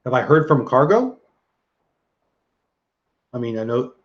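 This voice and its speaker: A middle-aged Texan man talks casually at a middle pitch as he reads out viewer messages. His manner is chatty and relaxed, and he laughs easily. The sound is slightly dull and lo-fi, like stream audio. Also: measured pace. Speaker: livestream host reading chat. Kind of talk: casual live chat.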